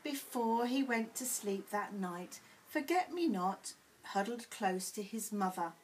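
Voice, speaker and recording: A woman teacher reading a children's picture book aloud in a clear, expressive bedtime-story way. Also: mid-range voice, unhurried, a little hiss or hum, low-quality recording. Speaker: primary school teacher.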